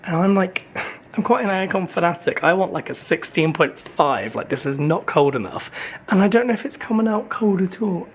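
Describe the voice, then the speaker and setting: Man, lively up-and-down voice, rambling vlog chatter, hotel room, vlog camera. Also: sits high, moderate pace, slight background noise. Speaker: vlogger. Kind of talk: casual day-in-the-life chat. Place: hotel room high up in a city. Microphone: handheld vlog camera.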